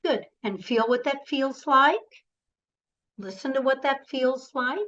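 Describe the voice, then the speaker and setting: A woman's voice: high voice, slow, fairly bright tone, muffled recording. A woman coaching presenters in an online workshop, encouraging and directive, speaking over a video call.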